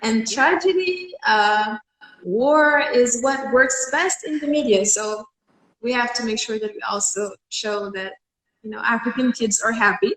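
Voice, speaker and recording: A woman's voice: fairly high pitch, measured pace, fairly bright tone, echoey room, low-quality recording. A young woman from Senegal speaking with conviction as an interview guest, with some fillers. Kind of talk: casual interview talk.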